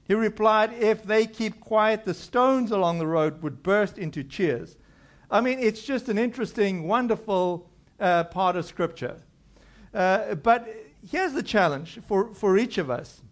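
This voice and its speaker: A man's voice: high-pitched, expressive, a little slow. A middle-aged male pastor preaching a conversational sermon, acting out quoted voices as he goes.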